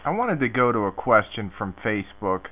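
A man hosts a radio talk show, reading listener questions aloud in a relaxed, animated way. His pitch moves around a lot as he talks. The sound is thin and tinny, like a phone line. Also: a little fast. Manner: animated, laughs between questions.

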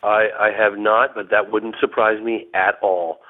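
Low-voiced man on a tinny phone line. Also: level tone. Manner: rambling, halting, full of restarts. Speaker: phone-in guest investigator. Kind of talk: excited phone-in account. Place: hotel room. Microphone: telephone.

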